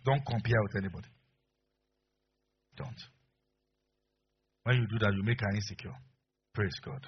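A man preaching a sermon as pastor, telling stories with animated delivery and frequent laughter, on a dull lo-fi recording. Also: lowish voice, normal speed, breathy edge. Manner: animated storyteller, acts out voices, laughs often.

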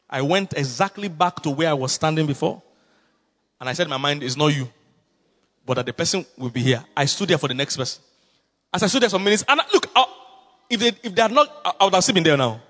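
Heavy, long reverb from a hall surrounds this sermon, where a pastor with a Nigerian accent recounts a story. He alternates between hushed asides and loud outbursts.

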